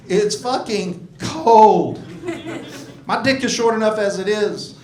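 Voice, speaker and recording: A man's voice: sits high, expressive, moderate pace, a little mellow. A man in his sixties doing a stand-up comedy set in a club, rambling, profane and self-mocking, working the crowd. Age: 60s. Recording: echoey club room.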